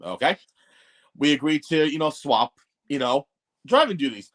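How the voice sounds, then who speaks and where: High-voiced profane New storyteller. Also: male voice, moderate pace. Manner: animated, profane, rambling with restarts. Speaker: podcast guest co-host. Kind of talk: casual storytelling chat.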